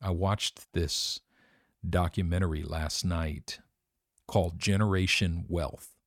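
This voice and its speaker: A man's voice: sits low, steady tone, slow, no echo, studio quality. A man hosting his own podcast, speaking an earnest, emotionally reflective confessional monologue. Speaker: podcast host.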